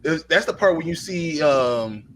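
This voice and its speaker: A man's voice: a little high, animated, a little slow, slight background noise. A man co-hosting a live movie review show, gushing enthusiastically about a film in casual chat.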